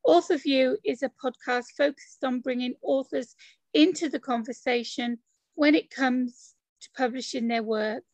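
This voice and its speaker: A woman with a high voice hosts a podcast interview, chatty and friendly. Her voice sounds close and dry, with no room around it. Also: steady tone, unhurried, a little mellow, no echo. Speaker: podcast host. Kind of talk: casual interview chat.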